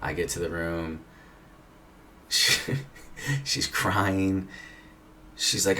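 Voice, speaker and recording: A man's voice: sits low, fairly even intonation, takes it slowly, pauses often, bright, forceful tone. A man casually telling a long personal story, rambling and swearing, with lots of filler "like"s. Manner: rambling, profane, many filler "like"s. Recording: distant mic with faint background noise.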